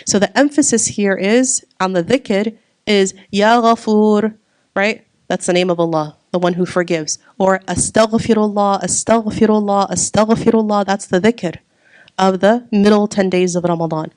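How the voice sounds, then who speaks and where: A woman's voice: medium pitch, unhurried, a little mellow, dry recording. Woman teacher doing a religious talk, quizzes the room, repeats stuff, dry close sound. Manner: asks the audience questions and waits for answers; repeats key words for emphasis. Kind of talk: religious talk to a live audience.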